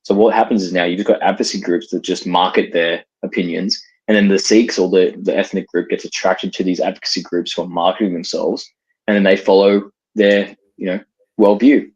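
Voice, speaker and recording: A man in a heated casual debate, halting and restarting often with lots of "like". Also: low voice, fairly even intonation, darkish tone, breathy edge, muffled recording. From Australia.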